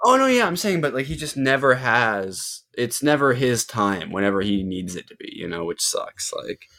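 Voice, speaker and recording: A young man co-hosting a casual wrestling podcast, laid-back and jokey, tossing in quick agreement while his partner talks. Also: mid-range voice, sing-song, bright, forceful tone. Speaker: podcast co-host.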